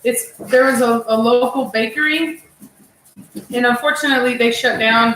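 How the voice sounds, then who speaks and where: A woman's voice: on the high side, normal speed, echoey room, noisy background. A woman with a Texan accent hosting a casual cooking chat at home, playful and teasing. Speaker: cooking channel host, mother. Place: home kitchen.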